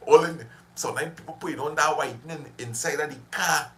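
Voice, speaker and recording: A man's voice: fairly high pitch, brisk. A man hosting a casual livestream, chatty and reminiscing, laughing often as he talks with viewers. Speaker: livestream host.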